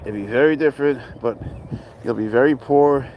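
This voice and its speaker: A young man in a loose, rambling livestream chat, swearing freely and joking at his own expense. His voice sits at an ordinary middle pitch, picked up by a phone outdoors with faint traffic and street noise behind him. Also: normal speed, phone-quality sound. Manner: rambling, crude, self-deprecating, talks to his cat. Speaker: cat owner livestreaming. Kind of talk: casual livestream chat, reading viewer comments.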